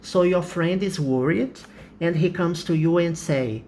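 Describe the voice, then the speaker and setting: This Brazilian teacher, whose first language is Portuguese, works deliberately through an English grammar point and keeps asking "okay?". His voice is a little high and a little mellow, with slight background noise.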